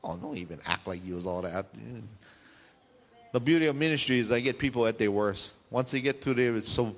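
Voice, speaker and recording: Pastor, male, animated storyteller, mid-range voice, long church reverb. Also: medium pitch, brisk. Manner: lively storytelling with call-and-response. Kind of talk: sermon. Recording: reverberant hall sound.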